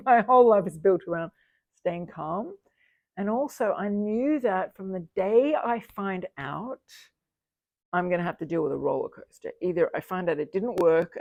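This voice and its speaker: A fifty-year-old woman tells her own story straight to the camera. She is open and reflective, and laughs easily between thoughts. Her voice has a gravelly, creaky edge and sits at a middling pitch, recorded in a dry space with no room sound. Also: a little mellow, no echo. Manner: candid, reflective, laughs often while recounting. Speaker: single mother sharing her fertility journey.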